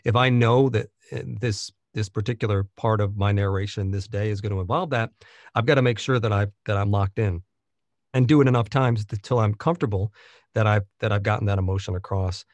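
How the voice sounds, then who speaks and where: A man's voice: lowish voice, a little fast, no echo. A man who narrates audiobooks, talking through his craft in a conversational interview, thoughtful and full of restarts and fillers.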